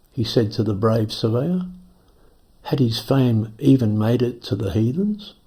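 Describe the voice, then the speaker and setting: Gravelly male storyteller with a wry delivery. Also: medium pitch, warm tone. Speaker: narrator. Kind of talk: scripted storytelling.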